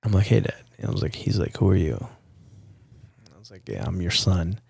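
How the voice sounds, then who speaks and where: A man's voice: low-pitched, big pitch swings, brisk, gravelly, darkish tone, husky, no room sound. A young man from Nicaragua, a podcast guest telling a personal story in a candid, profane, casual way. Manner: candid and profane, addresses host as dude and bro.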